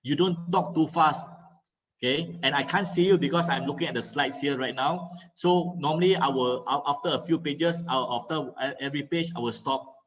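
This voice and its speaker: A man teaching communication skills in an online lecture, talking over a video call. He speaks in a teacherly way, fills pauses with many drawn-out "uh"s and often checks understanding with "okay?" or "right?". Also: on the high side, rough recording.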